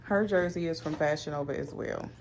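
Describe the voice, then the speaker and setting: A woman's voice: low-pitched, fairly quick, slight background noise. A woman from Ohio vlogging outdoors in her city, chatting playfully and dramatically, calling her viewers honey. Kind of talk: casual vlog chat.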